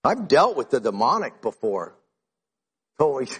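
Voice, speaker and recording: A man's voice: lowish voice, expressive, unhurried, husky. A man preaching a sermon in a conversational way, retelling his own conversations and building in intensity. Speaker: pastor.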